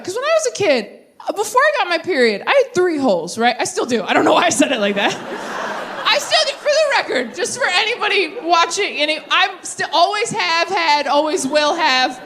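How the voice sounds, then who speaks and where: A young woman doing live stand-up comedy with crowd work, talking in animated, rambling, self-deprecating tangents. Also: very high voice, a little hiss or hum.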